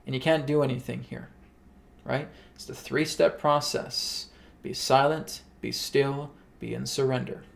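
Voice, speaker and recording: A man hosting a spiritual gathering, explaining breathing practice in quick, conversational talk with frequent check-ins to listeners. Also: medium pitch, steady tone, creaky. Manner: quick, conversational, keeps asking "right?". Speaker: spiritual teacher and host. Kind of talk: casual spiritual teaching.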